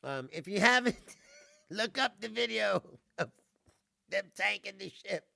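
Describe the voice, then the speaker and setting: A man's voice: high-pitched, lively intonation, measured pace, gravelly, sharp tone, dry recording. A man hosting his own livestream as a comedian, chatting loosely and laughing often between stories. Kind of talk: casual livestream chat.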